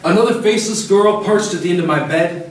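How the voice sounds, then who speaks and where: A man reading a poem aloud at an open mic, measured and slowing for emphasis. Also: high-pitched. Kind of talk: poetry reading. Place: cafe stage at an open mic. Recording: very echoey cafe, distant mic.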